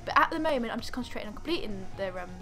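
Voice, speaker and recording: A woman's voice: fairly high pitch, expressive, racing, music in the background. A woman doing let's play commentary, exasperated and laughing often as she scolds the game character. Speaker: gamer.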